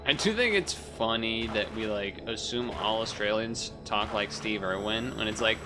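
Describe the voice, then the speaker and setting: A man's voice: on the low side, normal speed. A man live-streaming a game, rambling casually to his chat with self-amused asides and casual swearing, over game music.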